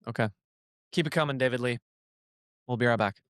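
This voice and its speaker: A man's voice: medium pitch, fairly quick, fairly bright tone, smooth, no room sound. An American man hosts a soccer podcast in casual chat and moves it from one topic to the next. He teases his co-hosts along the way. His voice sits in a middle range and sounds close and dry. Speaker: podcast host.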